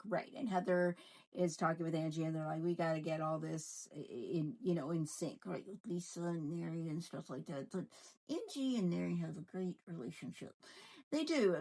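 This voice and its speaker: A woman's voice: lowish voice, darkish tone, poor audio. A woman ventriloquist chatting casually in a gossipy back-and-forth banter, recapping a reality show.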